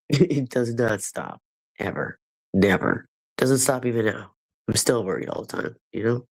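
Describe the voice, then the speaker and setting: A man's voice: mid-range voice, moderate pace, darkish tone, low-quality recording. A man chatting casually with his livestream viewers, rambling and profane, with a stuffy nose.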